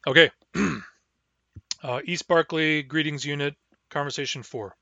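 A man teaching a language class online, sounding out words slowly and carefully, syllable by syllable. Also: a little high, steady tone, pushed and bright, no room sound, muffled recording. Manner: slow, careful, deliberate pronunciation.

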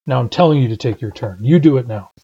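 A man's voice: mid-range voice, fast, mellow, slightly rough, lo-fi sound. A man teaching a language class, explaining words and sentences patiently and methodically. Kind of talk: online language lesson.

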